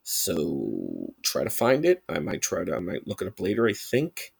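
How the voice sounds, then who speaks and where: A man's voice: low-pitched, huge pitch swings, moderate pace, creaky, slightly rough, dry recording. A man casually reviewing an old sci-fi episode as a channel host, rambling with lots of fillers and restarts while enthusiastically recommending it.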